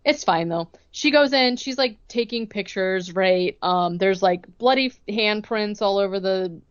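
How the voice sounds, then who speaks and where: A woman co-hosting a podcast, recapping a movie plot in a casual, chatty way and acting out the characters' lines in quick bursts. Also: medium pitch, smooth, highs cut off. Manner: chatty, retells scenes with quick acted-out quotes. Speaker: podcast co-host.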